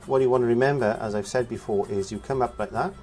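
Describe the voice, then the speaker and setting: A man's voice: mid-range voice, fairly even intonation, quick pace, warm tone, faint music behind. A man giving a casual painting lesson, chatting as he works and humming nonsense syllables while he paints. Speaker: painting teacher.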